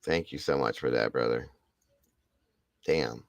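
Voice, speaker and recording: Deep-voiced man effusively thanking his viewers. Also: a little slow, creaky, no room sound. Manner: emotional, effusive, repeats thanks and praise. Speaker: livestream host. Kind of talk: casual livestream chat thanking viewers.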